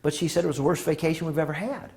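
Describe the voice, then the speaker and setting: A man with a higher-leaning voice talks very fast during a conference storytelling session. His anecdotes are folksy and lively, and he acts out each person's lines.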